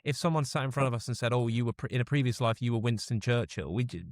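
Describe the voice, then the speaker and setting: Halting man in podcast chat. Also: medium pitch, dry recording, clean studio sound. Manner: halting, restarts often. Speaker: podcast co-host. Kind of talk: casual chat.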